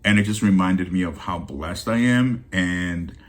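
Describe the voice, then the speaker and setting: Deep-voiced man, teary vlog chat. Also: a little slow. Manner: heartfelt and rambling, with many restarts. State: teary-eyed. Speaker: deal-hunting channel host.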